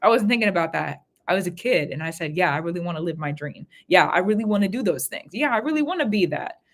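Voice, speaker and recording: A woman's voice: fairly low pitch, animated, fast talker. A woman hosting a spiritual reading live stream from her room at home, talking in a rambling, heartfelt way and repeating her phrases. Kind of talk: casual live-stream talk.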